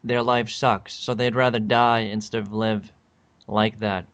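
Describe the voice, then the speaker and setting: A man's voice: lowish voice, little pitch movement, measured pace, fairly bright tone. A man with a Boston accent talking on a casual podcast, blunt and crude. He mocks his friend by mimicking his pronunciation, swearing as he goes. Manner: mocking, crude, mimics the other's speech.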